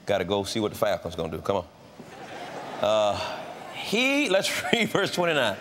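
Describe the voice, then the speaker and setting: Older male pastor with a lively delivery, folksy humor, noisy room recording. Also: fairly low pitch, moderate pace. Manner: folksy and humorous, swings from soft asides to shouted outbursts. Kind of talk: sermon.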